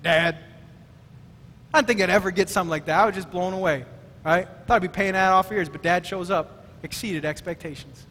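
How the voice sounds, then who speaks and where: High, bright-voiced male pastor preaching. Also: fairly quick, a little hiss or hum. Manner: emphatic, excitable, stammering restarts. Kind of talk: sermon. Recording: long hall reverb.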